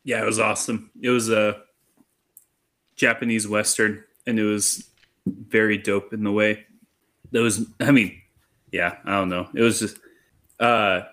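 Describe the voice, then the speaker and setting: A man's voice: lowish voice, flat delivery, a little slow, pauses often, fairly bright tone. A man on a film-review podcast who rambles in a laid-back way, with lots of fillers. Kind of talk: casual film-review chat.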